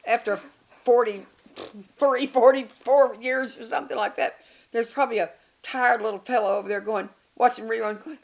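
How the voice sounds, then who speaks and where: An older woman, an interview guest, telling candid stories in a lively, self-mocking way and laughing between lines. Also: a little high, normal speed, creaky. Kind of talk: candid storytelling chat.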